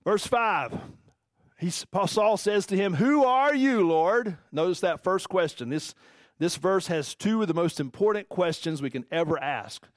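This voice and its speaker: A man's voice: high-pitched, normal speed, dry recording, clean studio sound. Chatty preacher man teaching from scripture. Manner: conversational, animated, asks the audience questions. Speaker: pastor. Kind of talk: casual Bible-teaching sermon.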